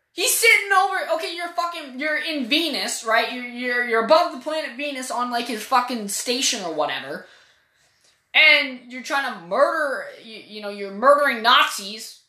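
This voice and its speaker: A woman's voice: sits high, bright, forceful tone. A woman giving a casual, opinionated spoken game review, rambling and swearing freely. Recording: echoey room.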